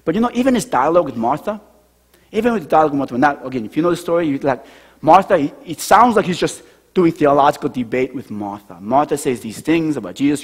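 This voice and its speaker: A man preaching a sermon as pastor, talking conversationally and dropping to a hush on key lines. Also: fairly high pitch, lively intonation, brisk, slightly rough. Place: church sanctuary. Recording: church hall reverb.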